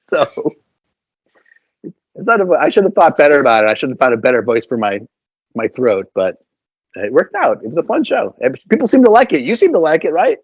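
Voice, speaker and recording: A man's voice: on the high side, wildly swooping pitch, brisk, husky, no room sound. A man, a puppeteer and voice actor, chatting animatedly as an interview guest and filling his talk with fillers. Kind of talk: casual interview storytelling. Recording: slightly dull, dry recording.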